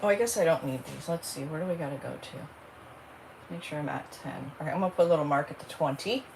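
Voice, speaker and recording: A woman chats her way through a crafting livestream in a fairly low voice, rambling from one thought to the next and calling out to viewers by name. Faint room noise sits behind her. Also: brisk. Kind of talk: casual livestream chat.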